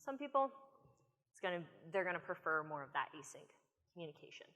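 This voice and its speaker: An American woman speaker giving an animated, storytelling conference talk from a stage. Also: on the low side, fast talker. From United States. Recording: long reverb of a conference hall.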